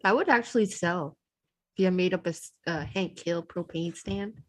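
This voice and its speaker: A woman's voice: on the low side, normal speed. Playful woman joining a chat. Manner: laughing, playful teasing. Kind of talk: casual livestream chat.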